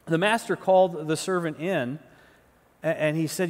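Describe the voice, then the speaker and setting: Male pastor, lively and fairly high-pitched, conversational sermon with stumbles and "right?", long hall reverb. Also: brisk. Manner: conversational preaching, repeats words, often asks "right?".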